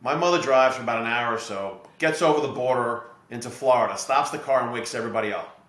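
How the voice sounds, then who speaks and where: A middle-aged man from New Jersey, a podcast guest and real estate investor, explaining his ideas through steady anecdotes. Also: mid-range voice, quick pace. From New Jersey, USA. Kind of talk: podcast interview storytelling. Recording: echoey room.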